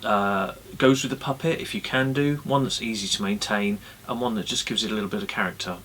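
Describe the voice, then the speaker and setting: Relaxed man teaching puppetry. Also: fairly low pitch, brisk, a little hiss or hum. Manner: relaxed, friendly, lots of ums. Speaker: puppeteer giving tips. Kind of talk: casual instructional talk. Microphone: camera-mounted mic.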